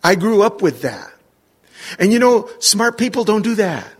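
Animated husky-voiced preacher man. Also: sits high, normal speed. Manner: animated, acts out scenes with sudden shouts. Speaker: pastor. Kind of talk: sermon storytelling.

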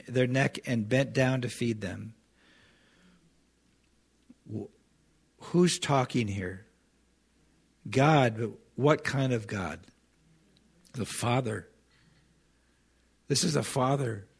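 Earnest man preaching with halting restarts. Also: mid-range voice, gravelly, husky. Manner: earnest, halting, many restarts, rising to emphatic scripture reading. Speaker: pastor. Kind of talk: sermon.

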